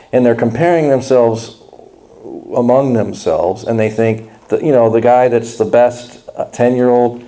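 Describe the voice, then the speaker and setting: Male pastor, sermon delivery, folksy and impassioned, mellow dark voice. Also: medium pitch. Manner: folksy, blunt, impassioned preaching.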